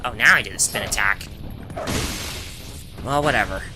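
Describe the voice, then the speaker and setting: A man's voice: fairly low pitch, moderate pace, noisy background. Chatty man narrating a game walkthrough. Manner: chatty, self-correcting, wry asides. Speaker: gameplay commentator. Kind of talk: casual game walkthrough commentary. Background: game music.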